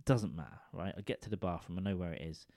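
With a low, gravelly, slightly mellow voice, a man quickly tells a crude, meandering comic story into a studio mic, checking in with listeners throughout. The recording is studio quality with no room sound.

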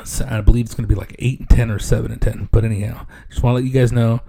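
Man, comedy podcast host, casual joking monologue, mid-pitched, creaky voice, podcast studio. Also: steady tone, racing, mellow. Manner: loose, joking, repeats "yes, yes" and "man".

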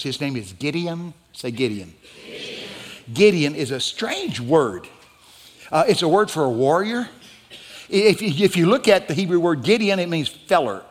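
A man preaching a sermon as a guest pastor, animated and rising into shouts. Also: on the high side. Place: church sanctuary. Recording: church hall reverb.

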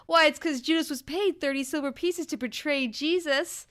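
A woman co-hosting a casual chat, gushing and animated, and she swears freely. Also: high voice, moderate pace.

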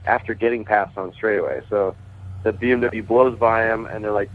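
A man's voice: fairly low pitch, steady tone, fast talker. A man who is a guest on a radio show, telling stories over the phone in a chatty way, laughing often and restarting his sentences. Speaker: baseball pitcher and racing team owner, guest. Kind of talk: casual phone interview. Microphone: phone call. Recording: tinny phone line.

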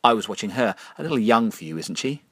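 A man doing a breathy, drawling glamorous diva. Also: on the low side, lively intonation, fast talker, dry recording, studio quality, pitched above the performer's own voice. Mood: teasing. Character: world-weary glamorous female film star, teasing.

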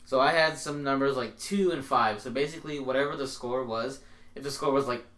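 Fast-talking man telling stories casually. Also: mid-range voice. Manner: swearing, animated storytelling. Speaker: podcast co-host. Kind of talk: casual chat.

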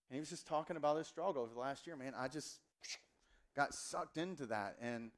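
A man in his thirties preaching a sermon, telling a personal story with emphatic, rising delivery. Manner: storytelling, emphatic, rises in pitch and volume when fervent. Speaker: pastor.

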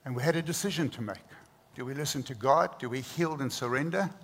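A South African pastor in his 60s preaches a sermon, speaking fast in a mid-range voice with earnest emphasis and repeated words. The recording has a reverberant hall sound and faint noise.

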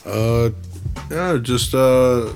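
A man's voice: mid-range voice, creaky, darkish tone, faint music behind. Laid-back male comic podcaster. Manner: quick reactions, laid-back slang. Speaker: podcast co-host. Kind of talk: casual banter.

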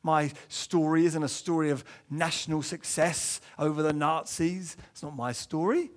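A man from England preaching a sermon in church, earnest, sometimes dropping low and soft to press a point. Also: moderate pace. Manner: earnest, rises high for quoted inner voices, drops low and soft to stress points.

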